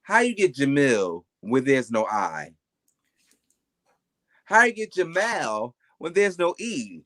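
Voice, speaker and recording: This is a man with a New Jersey accent, talking as a guest on a podcast. He is emphatic and animated, and he swears freely. His voice sits in an ordinary middle pitch. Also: slow. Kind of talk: casual chat.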